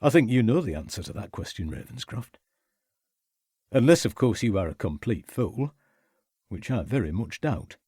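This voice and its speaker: A man voicing a steady, reassuring middle-aged countryman in an audiobook. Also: lowish voice, normal speed, long pauses, husky, dry recording, clean studio sound. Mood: dry. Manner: calm and reassuring.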